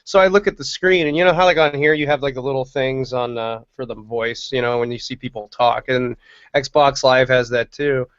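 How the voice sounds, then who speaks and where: A man's voice: medium pitch, moderate pace, a bit bright, clear, resonant tone, no echo. A man chats on a livestream, rambling and swearing freely, laughing between thoughts. His mic sounds dry and a bit dull. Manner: laughs often, rambling and profane. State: coughing from asthma. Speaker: stream co-host. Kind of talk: casual profane chat.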